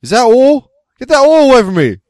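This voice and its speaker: A jittery man protesting about fire, as a man puts him on over a call. The voice jumps up high and loud and sounds anxious. It is recorded dry and close. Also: huge pitch swings, fairly quick, no echo, full character voice. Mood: nervous. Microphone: remote call recording.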